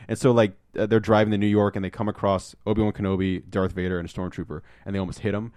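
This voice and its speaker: A man's voice: fairly low pitch, level tone, fast talker, hardly any pauses, darkish tone, no echo, studio quality. A man casually chatting as a podcast co-host, rambling with lots of ums and acting out movie lines. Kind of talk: casual chat, movie review.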